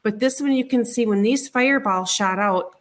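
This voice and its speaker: Recounting her own experience in an interview, a middle-aged woman talks in a fairly high voice. The conversational storytelling comes out in a halting way, as she frequently repeats words and restarts sentences.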